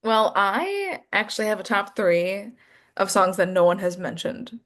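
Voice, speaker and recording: A woman's voice: medium pitch, a bit bright. A woman co-hosting a pop music podcast, chatting casually and playfully. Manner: playful, quick to laugh along. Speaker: podcast co-host. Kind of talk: casual chat.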